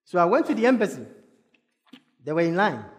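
Animated Ghanaian man telling a story. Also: high voice, brisk. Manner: animated, acts out dialogue. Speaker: speaker. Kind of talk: personal storytelling talk. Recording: long hall reverb.

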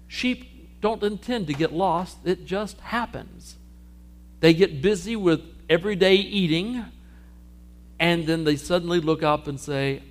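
Animated male preacher telling a parable. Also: fairly high pitch. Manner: animated storytelling, acting out sheep and Jesus. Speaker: pastor. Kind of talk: sermon.

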